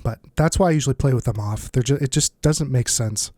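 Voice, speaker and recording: A man's voice: mid-range voice, fairly quick, a little mellow, no echo, clean studio sound. A man with a stuffed-up nose giving casual, think-aloud commentary while playing a strategy game as the channel's host. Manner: thinks aloud, muttering asides. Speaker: let's play host.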